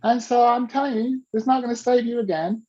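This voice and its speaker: A man coaching a listener through an animated story, acting out the quoted dialogue with lively shifts in his voice. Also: very high voice, a little fast, husky. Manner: coaching tone, tells the listener to repeat key rules. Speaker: business coach. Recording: dull lo-fi recording.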